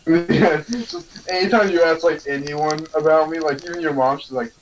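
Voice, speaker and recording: A man's voice: a little high, normal speed, slight background noise, poor audio. A young man chatting casually with a friend while gaming, rambling and laughing, full of fillers. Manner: giggly, rambling, filler-heavy. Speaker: gamer.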